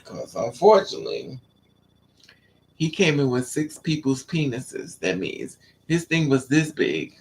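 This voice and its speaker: A man telling a raunchy story to his live chat in a flamboyant, sassy way, laughing and squealing up high. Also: sing-song, unhurried, a little mellow. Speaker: live stream host.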